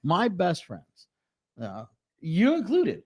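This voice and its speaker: A man co-hosting a podcast, telling stories in casual chat with lots of swearing and halting restarts. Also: sits high. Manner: animated, profane storytelling with halting restarts. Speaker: podcast co-host.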